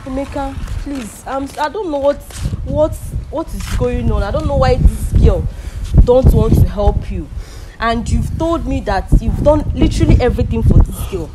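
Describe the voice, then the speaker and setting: A woman's voice: fairly high pitch, moderate pace, lightly acted. A woman playing a mediator who grills a girlfriend about her broke boyfriend in a comedy skit. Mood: consoling. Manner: questioning, pressing, then consoling. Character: nosy woman mediating a couple's quarrel. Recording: loud background noise.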